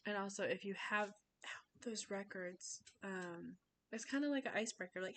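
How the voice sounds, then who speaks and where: Young woman talking casually in a class speech, middle pitch, slips into little voices for parents and kids, faint rumble behind her. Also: normal speed. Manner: chatty, acts out little dialogues in voices. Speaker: student giving a class speech. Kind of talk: informal informative speech.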